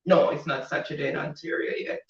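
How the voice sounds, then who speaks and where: A man's voice: on the high side, fairly even intonation, a little fast. A man co-hosting a casual live show, reading viewer comments aloud and laughing often. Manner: laughing often, reads comments with a Caribbean lilt. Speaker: co-host reading live chat. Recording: echoey, distant, dull audio.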